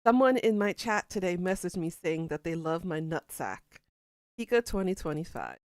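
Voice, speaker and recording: A woman streaming a game, chatting casually and joking bawdily with her chat. Her voice sits low and sounds smooth and clean. The sound is dry, with no room echo. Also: big pitch swings, normal speed. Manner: playful, bawdy, reading out chat quotes with laughter.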